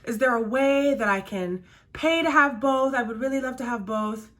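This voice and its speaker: A woman imitating a loud, entitled woman customer in a restaurant, shrill and demanding. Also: moderate pace, close to an everyday voice. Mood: sugary. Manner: shrill and demanding, then falsely sweet.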